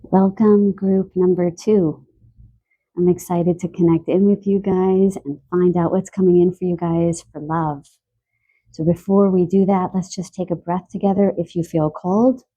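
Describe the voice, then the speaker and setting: A woman giving a spoken tarot card reading, a little stuffy from allergies and clearing her throat, talking softly and earnestly with emotion. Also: on the low side, steady tone, normal speed. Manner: soft, earnest, emotional about animals.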